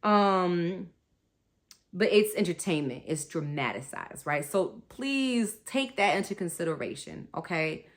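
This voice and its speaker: Speaking a little slowly in a fairly low, animated voice, a spiritual wellness podcast host rambles chattily. She laughs often and refers to her audience as y'all.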